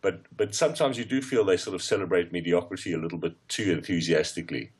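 A man's voice: sits low, fast talker, slightly rough. A man giving football opinions as a radio pundit, hesitant and full of fillers. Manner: hesitant, many fillers and restarts.

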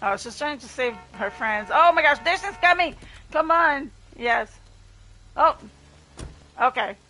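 A woman streaming a horror game live, yelling and swearing at her teammates and chatting with viewers. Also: high-pitched, unhurried. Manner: excitable, swears and yells at other players; talks to chat between rounds. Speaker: gaming livestreamer. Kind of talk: live gameplay commentary.

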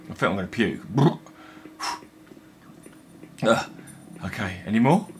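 A young man commenting on a horror game he is playing, jumpy and excitable, swearing and talking to himself. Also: on the low side, slow pace, slight background noise. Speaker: gaming video host. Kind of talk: let's play commentary.

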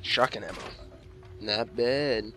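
A man's voice: fairly low pitch, slow, pushed and bright, faint music behind. Profane man cursing at a video game. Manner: profane, talks back to the game with exasperated outbursts. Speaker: let's play gamer. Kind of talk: casual game commentary.

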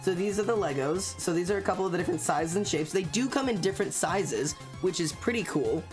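A streamer in casual livestream chat, talking fast and excitably with frequent stammers and restarts. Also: medium pitch, over music.

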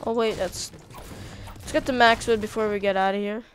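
A woman giving casual, chatty commentary while playing a video game, easily excited by what she finds. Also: medium pitch, moderate pace, a little hiss or hum. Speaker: gaming video creator.

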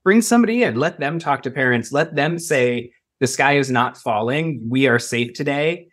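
An American man answers interview questions in the role of an emergency preparedness expert, his measured delivery broken by emphatic bursts. His mid-range voice is expressive and a bit bright.

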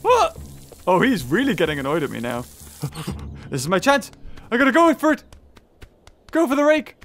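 A woman's voice: medium pitch, wildly swooping pitch, normal speed. A woman giving playful, teasing commentary while playing a video game, often laughing and squealing at the characters. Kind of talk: casual let's-play commentary.

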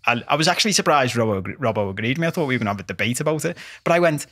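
Lively man, dry close sound. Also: on the high side, rapid-fire, few pauses, dry recording. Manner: animated, mock-rousing rants with swearing. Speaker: podcast co-host. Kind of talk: casual podcast chat.

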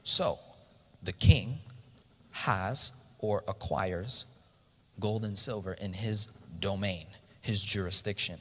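Male guest preacher, slow pace, questions the crowd, recorded with long hall reverb. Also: fairly low pitch, fairly bright tone. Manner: interactive, asks the audience questions. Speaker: guest speaker. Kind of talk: sermon-style teaching. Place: church stage.

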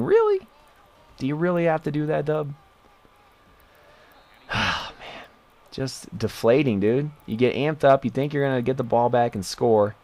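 Young man, casual gaming play-by-play, very animated pitch, yelps at big plays. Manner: excitable, jumps to high yelps at big plays. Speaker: gamer commentating his own match. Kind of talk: casual play-by-play game commentary.

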